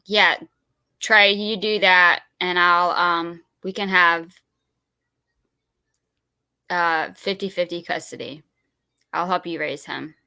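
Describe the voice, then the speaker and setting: A woman's voice: on the low side, fairly even intonation, slow pace, creaky, pauses often, sharp tone, clear, resonant tone, no room sound. A woman hosting a live stream, reacting to videos with incredulous, chatty asides to her viewers.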